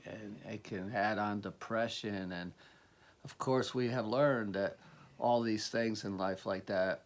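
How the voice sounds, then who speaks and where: A man giving a motivational talk as a life coach, earnest and rambling, with many restarts. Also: lowish voice.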